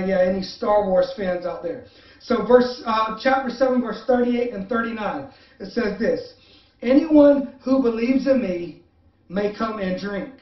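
A man preaches a sermon, pressing his listeners with repeated questions and then dropping into soft, halting asides full of fillers. His voice sits at an ordinary pitch. He sounds a little far from the mic in an echoey room, and the sound is slightly dull. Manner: preaching with rising emphatic appeals and repeated questions; drops to soft, hesitant confessional tone with many fillers. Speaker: pastor. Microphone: online service stream. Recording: roomy, distant, muffled sound.

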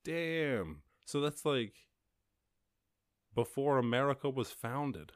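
Rambling through the news headlines on a solo podcast, an Irish man swears, laughs often, and trips into restarts as he goes. The voice is low at normal speed, and the recording is dry with clean studio sound.

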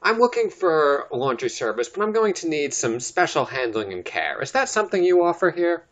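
A man's voice: fairly high pitch, very animated, fairly quick. A man voicing a male adventurer posing as a fancy nobleman, polite and ingratiating.

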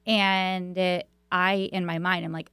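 A woman's voice: on the low side, little pitch movement, takes it slowly, smooth, no room sound. A woman hosting a radio talk show, telling stories in a chatty way with lots of fillers and restarts. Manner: warm storytelling with many fillers and restarts. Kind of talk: conversational radio interview.

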